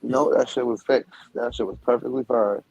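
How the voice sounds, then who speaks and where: A man's voice: medium pitch, steady tone, moderate pace, gravelly, lo-fi sound, crowd noise. A man with a Boston accent talking casually as a guest, rambling with lots of swearing and restarts. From Boston area. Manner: loose, rambling, heavy swearing, many restarts. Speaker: guest, former reality show cast member. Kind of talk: casual profane chat.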